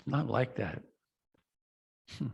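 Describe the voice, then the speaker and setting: Middle-aged guy giving a slow thoughtful dharma talk, kinda raspy and fry-ish, lots of pauses. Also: medium pitch, animated. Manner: slow, reflective, with long pauses and soft trailing lines. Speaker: meditation teacher.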